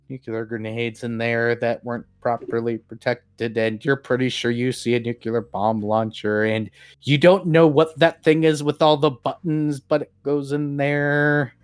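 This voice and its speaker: A game master narrating a tabletop game in a lively way. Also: smooth, dry recording. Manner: lively narration with sudden pitch jumps.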